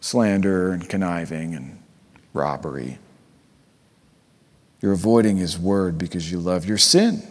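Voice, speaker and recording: A man preaching a sermon with earnest conviction, dropping to a hush and then rising to fervent emphasis. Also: deep voice, expressive, a little slow, pauses often. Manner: earnest, swings from hushed to fervent. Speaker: pastor. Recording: long hall reverb.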